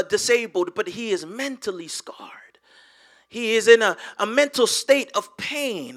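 A male pastor preaching a sermon, repeating words as he swings from loud to hushed. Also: high voice.

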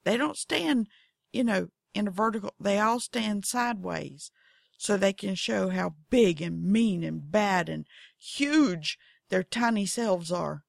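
A woman's voice: mid-range voice, animated, slow, vocal fry, no echo, studio quality. A woman with a Southern accent hosting a podcast, telling goofy, folksy stories in casual monologue. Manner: goofy, folksy, acts out her cats in voices. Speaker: podcast host.

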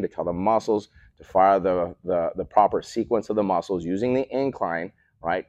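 A low-voiced man who co-owns a speed training facility explains his training methods in a casual interview over a remote call. He tells stories in an animated, coach-like way and tags his points with "right?" The audio has no echo.

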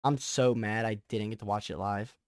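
A young man hosting a casual sports podcast who gets excited, rambles and often restarts his sentences. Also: lowish voice, moderate pace, no room sound, studio quality. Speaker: podcast host.

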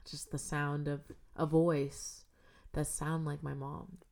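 A young woman sits in as a podcast guest, chatting casually and swearing freely. Her voice sits a little low. She swings between loud, animated bursts and hushed near-whispers. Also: slow, vocal fry. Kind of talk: casual chat.

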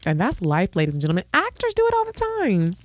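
A young woman co-hosting a podcast, telling personal stories in lively casual chat. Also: mid-range voice, fast talker. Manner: animated, laughing storyteller. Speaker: podcast co-host.

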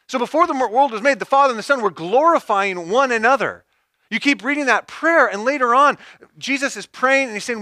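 A man's voice: high voice, expressive, brisk, sharp tone, dry recording, clean studio sound. A man preaching a sermon, stepping through numbered points and repeating key phrases for emphasis. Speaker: pastor.

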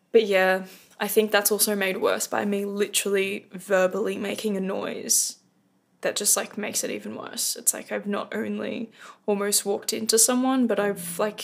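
A young woman talks straight into a close podcast mic, rambling through a story with lots of fillers and restarts. Her mid-pitched voice carries a gravelly fry, and she pokes fun at herself as she goes. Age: young adult. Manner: rambling, self-deprecating, many fillers. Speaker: podcast host. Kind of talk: casual rant podcast.

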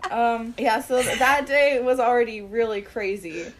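Excited young woman telling a story. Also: on the high side, normal speed, background noise. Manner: excited, giggly, lots of fillers. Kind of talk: casual storytelling.

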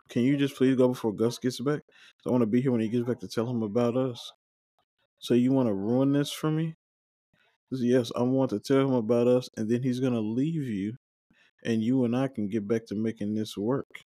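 A man's voice: mid-range voice, steady tone, moderate pace, dark tone, dry recording, studio quality. Casual man recapping a show. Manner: paraphrases scenes, quotes characters with brief joking asides. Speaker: watch-along podcast host. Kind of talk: casual recap, reading dialogue aloud.

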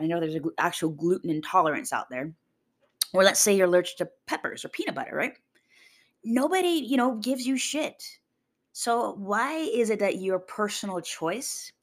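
Fitness vlogger, woman, lowish voice with lots of swing, blunt and casually profane. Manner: blunt, swears casually, animated mimicry of others. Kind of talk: casual motivational monologue.

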